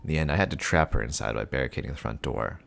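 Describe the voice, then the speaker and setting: A man's voice: extremely low pitch, rapid-fire, creaky, a bit bright, pitched below the performer's own voice, heavily acted. Man reading as a stern spy father. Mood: annoyed. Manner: clipped, earnest inner monologue. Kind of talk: comic reading with voices.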